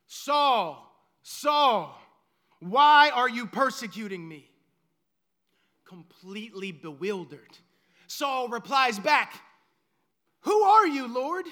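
A male pastor delivering a sermon in an unusually high, very bright voice with a tense edge. He preaches slowly and dramatically, letting some lines drop low and quiet and then driving others up to a loud, emphatic pitch.

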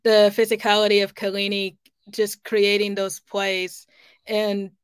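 A woman with a smooth, clear voice speaks as a panelist on a sports talk show. Her takes come out measured and analytical. The sound is dry and close. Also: medium pitch, level tone, no echo.

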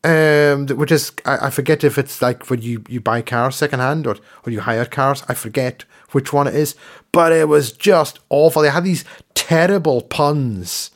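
A man's voice: mid-range voice, normal speed. A man co-hosting a podcast, chatting casually and ranting, often repeating words as he gets worked up. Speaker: podcast co-host. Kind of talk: casual chat.

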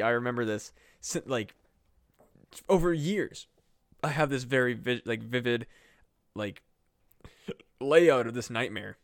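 A man's voice: mid-range voice, fairly bright tone, dry recording, clean studio sound. A man co-hosting a casual comedy podcast, telling a story in a rambling way with lots of fillers and swearing. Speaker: podcast co-host.

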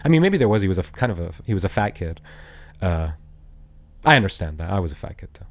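Profane ranting man, swinging pitch. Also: sing-song, fast. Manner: profane, blunt, rambling with restarts. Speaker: podcast host. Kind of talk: angry rant monologue.

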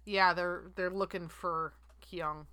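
A woman co-hosting a casual chat about a film, adding quick jokes and short agreements. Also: fairly low pitch, steady tone, sharp tone, clean tone, no echo. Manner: chiming in with quips and short agreement. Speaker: podcast co-host.

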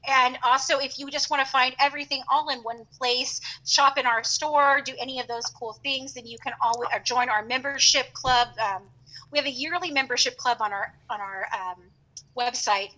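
Brief: high, bright woman, chatty podcast guest telling a story. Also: normal speed, low-quality recording. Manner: chatty, animated, lots of fillers. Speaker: podcast guest and co-host of her own show. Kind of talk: casual storytelling.

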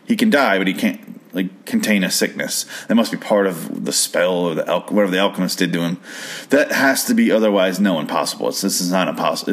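Man, low voice, casual rambling recap, swears a lot, incredulous. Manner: profane, incredulous, rant-prone. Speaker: episode recap host.

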